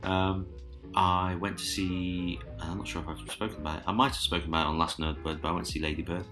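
Deep-voiced man chatting casually. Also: fast, music in the background. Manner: relaxed, hesitant with many ums. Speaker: podcast co-host. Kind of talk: casual chat.

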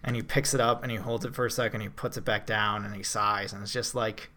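A man's voice: on the low side, quick pace. Chatty man rambling about a film. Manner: animated, rambling with restarts and fillers. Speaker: podcast co-host. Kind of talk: casual film review chat.

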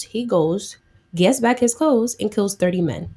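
A woman's voice: medium pitch, expressive, normal speed, warm tone, breathy edge. A young woman retelling a Bible story in a chatty, slangy way, acting out the characters' lines.

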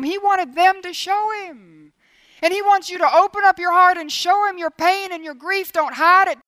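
High-voiced earnest woman preaching. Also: fairly bright tone, no echo. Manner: earnest, with quoted prayers acted out. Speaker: Bible teacher. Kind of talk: sermon.

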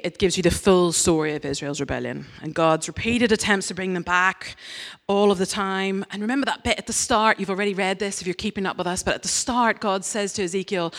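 A woman giving a lively, humorous sermon, acting out quoted voices with big leaps up in pitch. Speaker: preacher. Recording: long hall reverb.

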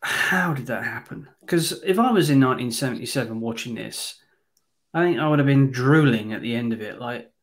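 A man reviewing a film in casual podcast chat, blunt and quick to swear. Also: medium pitch. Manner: blunt, sweary, exasperated asides. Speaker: podcast co-host.

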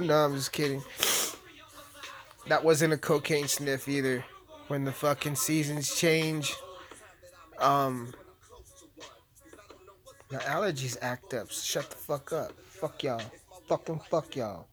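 A man's voice: on the high side, takes it slowly, long pauses, a bit bright, soft background music. A man hosting a podcast, chatting casually with constant swearing and crude jokes while playing a video game. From United States. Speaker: podcast host. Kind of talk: profane casual podcast chat while gaming.

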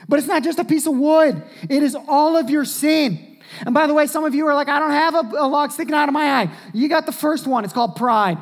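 Male pastor, sermon delivery, very animated, wide swings from shouting to near-whisper. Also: extremely high pitch.

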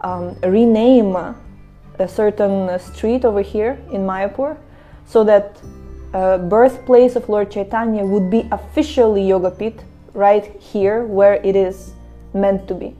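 Lively woman from Russia giving a spiritual talk. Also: medium pitch, a little slow, faint music behind. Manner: animated storytelling, acts out quoted voices. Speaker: devotional speaker. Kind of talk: casual spiritual talk to viewers. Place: Mayapur, India.

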